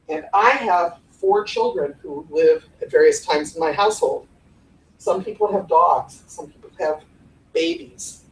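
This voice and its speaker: In a live workshop on podcast voice technique, a Cleveland-area woman in her forties gives a lively, playful talk to a conference room audience, acting out tones of voice. Her voice is mid-range. The distant, roomy recording carries a slight hiss or hum.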